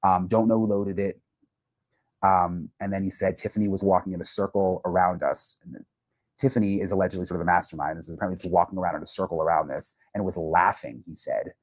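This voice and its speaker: A man's voice: sits low, steady tone, fast talker, no room sound. A male reporter soberly recounting court testimony, with many filler words.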